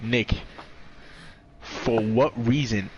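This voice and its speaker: A man's voice: medium pitch, steady tone, extremely slow, highs cut off, slight background noise. A man chatting casually and laid-back with friends during a game session. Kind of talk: casual chat.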